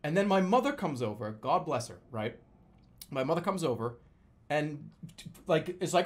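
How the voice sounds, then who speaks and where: A young man casually telling a story, swearing freely and loudly acting out the lines he quotes. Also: on the high side, sing-song, normal speed, long pauses. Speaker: storyteller recounting a dream.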